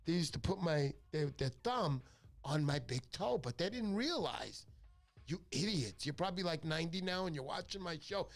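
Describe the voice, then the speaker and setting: A man's voice: fairly high pitch, lively intonation, moderate pace, creaky. A middle-aged man, hosting a fishing livestream in casual chat, joking and rambling through his stories. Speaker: fishing show host.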